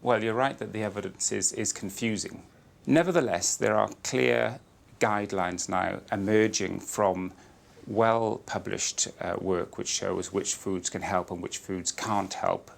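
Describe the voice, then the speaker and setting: A man consultant speaking as an expert in an interview, measured and a little hesitant, repeating words as he thinks. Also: lowish voice, gravelly. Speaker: consultant oncologist.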